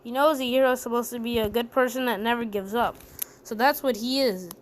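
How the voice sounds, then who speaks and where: Woman narrator, casual and rambling, slightly high voice. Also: fairly even intonation, a little fast, slight background noise. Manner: chatty, rambling asides. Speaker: fan storyteller. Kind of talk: casual fan-story narration.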